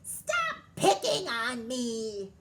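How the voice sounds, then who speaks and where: A woman reading a picture book aloud and voicing a spoiled, bossy queen bee who yells and wails through her tantrums. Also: expressive, takes it slowly, heavy background noise. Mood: furious. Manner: shrill wailing tantrums, near crying.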